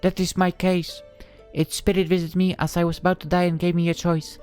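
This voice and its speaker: A woman voicing a fairy godmother, explaining things in a measured, formal way. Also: on the low side, flat delivery, darkish tone, smooth, faint music behind, lightly acted.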